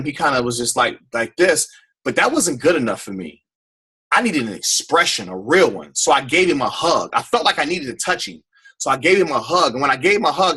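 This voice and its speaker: A man tells his own story to a group, his voice husky with a bright, forceful edge. He talks with deep feeling and often repeats or restarts his phrases. It sounds like personal testimony rather than a lecture. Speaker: speaker on a team call.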